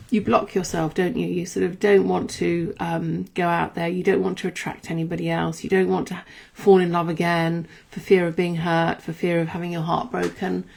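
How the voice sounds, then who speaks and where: Gravelly woman musing in rambling monologue. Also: on the low side, a little mellow. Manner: rambling, musing, self-correcting. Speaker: podcast host. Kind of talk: reflective casual monologue.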